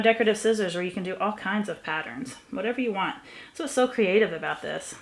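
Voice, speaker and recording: Chatty woman demonstrating a craft. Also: medium pitch. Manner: chatty, relaxed, thinking aloud. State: sniffly from allergies. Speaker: craft vlogger. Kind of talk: casual craft tutorial.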